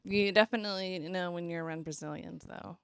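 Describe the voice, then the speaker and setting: A woman hosting a podcast, chatting casually in a quick back-and-forth with her guest. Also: on the low side, fairly even intonation, vocal fry, clear, resonant tone. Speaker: podcast host.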